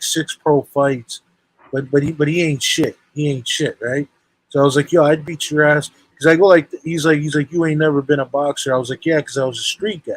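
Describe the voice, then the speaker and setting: A man's voice: mid-range voice, rough recording. A young man telling a long story in casual chat, rambling and full of street slang. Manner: rambling, street slang, lots of "bro" and "right?".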